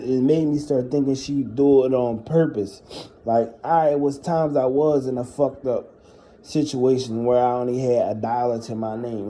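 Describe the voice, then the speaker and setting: A man's voice: a little high, warm tone, slight background noise. A man telling personal stories in a casual monologue, blunt and heavily profane as he vents. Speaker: storyteller.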